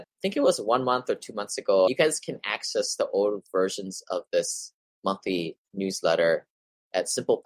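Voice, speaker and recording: A low-voiced man talks through material in a relaxed explainer style, reading passages and breaking off to chat with his listeners. The sound is dry and close, with no room around him. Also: dry recording, low-quality recording. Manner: conversational, addresses listeners as you guys, with asides. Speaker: real estate investing newsletter host. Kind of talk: casual explainer reading and commenting on articles.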